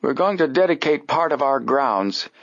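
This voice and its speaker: A man voicing a stately, wealthy older gentleman making formal announcements in an audiobook. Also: medium pitch, expressive, moderate pace, gravelly, no room sound, muffled recording, voice pushed up. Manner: formal, declaring.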